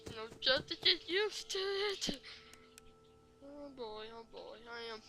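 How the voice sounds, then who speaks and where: A woman's voice: sits high, expressive, takes it slowly, pushed and bright, faint music behind. A woman doing let's play commentary, jumpy and rambling, who keeps apologizing to viewers. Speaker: gamer.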